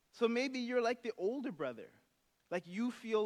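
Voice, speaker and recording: In a church sanctuary, a male pastor gives a relaxed, conversational sermon at a moderate pace. His voice is high, and the large hall's reverb lingers long after each phrase as he drops into brief character voices to retell a story.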